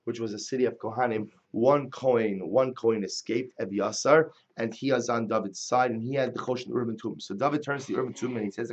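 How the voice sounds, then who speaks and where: A man leads a Talmud lesson at a middle pitch. He reads each line in Hebrew or Aramaic and then explains it in English. The recording is dull and lo-fi. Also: fairly quick. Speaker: Torah teacher. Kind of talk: Talmud class lecture.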